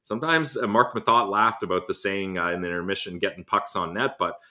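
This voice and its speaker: A man hosting a sports podcast, chatting casually with an upbeat, playful manner and quick laughs. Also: low voice, sharp tone. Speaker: podcast host.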